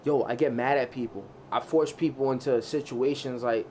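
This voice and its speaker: A man's voice: mid-range voice, fairly even intonation, moderate pace, darkish tone, slight background noise. A man in casual podcast chat, telling stories in a rambling, profane way with many restarts.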